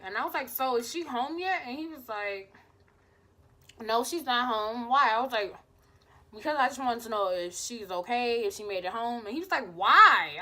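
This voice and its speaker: A woman's voice: fairly high pitch, fairly bright tone. Chatty young woman telling a story. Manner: chatty, acts out quotes, swears. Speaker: vlogger. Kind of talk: casual storytime.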